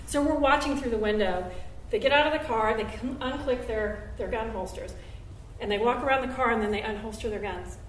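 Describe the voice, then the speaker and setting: A woman telling a story on stage at a live show, acting out what people said with big jumps in pitch and loudness. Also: brisk, slight background noise. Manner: animated, acts out quotes with big jumps in pitch and volume. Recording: roomy live venue, recorded from a distance.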